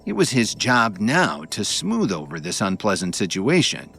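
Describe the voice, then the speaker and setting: A man with a lowish, vocal-fry voice narrates a web novel audiobook at normal speed. His intonation is very lively and expressive, and he tells the story with dramatic flair over faint background music.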